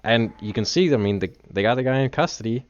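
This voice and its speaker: A man hosting a casual talk show, chatting in a relaxed, conversational way with many fillers. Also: mid-range voice, quick pace, dull audio. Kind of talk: casual chat.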